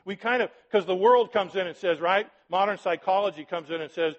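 A man's voice: sits high, fairly quick, few pauses. Conversational male preacher in a reverberant hall. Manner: conversational preaching, frequent "right?" and "are you with me?". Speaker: pastor. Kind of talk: sermon. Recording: dull recording with long hall reverb.

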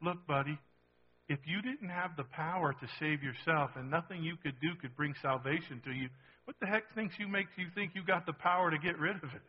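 A high-voiced man preaching with animated, conversational energy, tossing rhetorical questions to his listeners. The sound is dull and lo-fi. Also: a little fast. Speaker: pastor. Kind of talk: sermon.

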